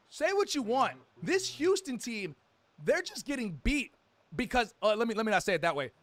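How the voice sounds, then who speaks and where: High-voiced hype game stream commentator. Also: male voice, sing-song, moderate pace, a bit bright, dry recording. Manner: hype play-by-play with casual slang, chats with viewers. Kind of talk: live-stream play-by-play commentary.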